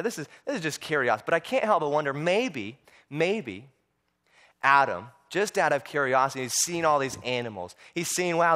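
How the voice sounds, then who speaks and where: A man preaching a sermon, telling stories with animated voices and frequent repeated words. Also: on the high side.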